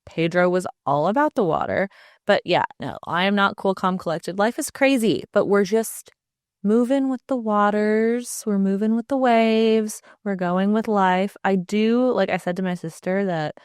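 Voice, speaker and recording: A woman hosting her own podcast in a chatty, animated way, with jokey asides and frequent laughs. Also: mid-range voice, moderate pace, clean tone, dry recording, studio quality. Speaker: podcast host. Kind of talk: casual solo podcast chat.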